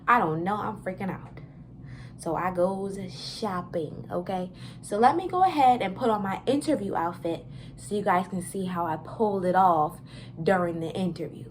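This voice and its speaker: A woman's voice: mid-range voice, normal speed, slight background noise. A pregnant woman, chatting animatedly with viewers in a casual storytelling vlog and laughing often. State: pregnant, briefly out of breath. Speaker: vlogger.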